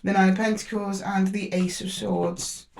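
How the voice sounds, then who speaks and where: Woman, tarot reader, casual thinking-aloud delivery to camera, halting, mid-pitched voice. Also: level tone, a little mellow, slight background noise. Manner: talks to the zodiac sign directly, thinking aloud; hesitant, with frequent restarts while drawing cards.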